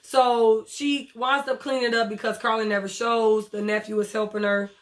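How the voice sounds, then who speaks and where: A woman recaps a TV episode in a loose, blunt way, swearing freely and acting out the lines. Her voice sits a little high. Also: normal speed, a little hiss or hum. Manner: blunt, profane, animated retelling with acted quotes. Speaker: TV show reviewer. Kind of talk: casual recap and commentary.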